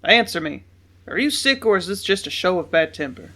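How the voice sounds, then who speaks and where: A woman reading an audiobook and voicing a stern, gruff sea-captain father who scolds his child. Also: lowish voice, brisk, lightly acted. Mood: scolding.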